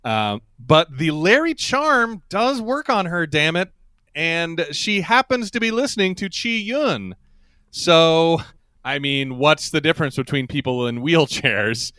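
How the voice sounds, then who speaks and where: A man's voice: a little high, lively intonation, unhurried, sharp tone, smooth, no echo, clean studio sound. A man co-hosting a podcast, chatting casually and rambling as he recaps a TV episode, laughing often. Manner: rambling, laughs often, acts out quoted lines. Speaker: podcast co-host.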